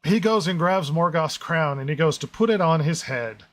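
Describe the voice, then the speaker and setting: A man co-hosting a casual review podcast, talking in an animated way, laughing often and lowering his voice to stress a point. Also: normal speed. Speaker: podcast co-host.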